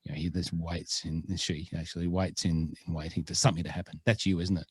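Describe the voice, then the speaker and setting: Deep-voiced Australian man, rambling chat. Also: flat delivery, fast talker, slightly rough, no echo. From Scotland. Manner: rambling, many fillers and restarts. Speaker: podcast co-host. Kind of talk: casual chat.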